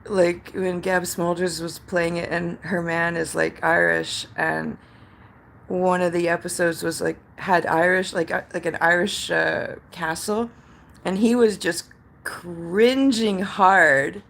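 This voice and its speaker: A woman's voice: on the low side, little pitch movement, a little slow, creaky, fairly bright tone. A Canadian woman streaming live, chatting with her viewers in a rambling, filler-heavy way and reacting to chat comments. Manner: reads out chat comments and replies. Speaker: livestream host.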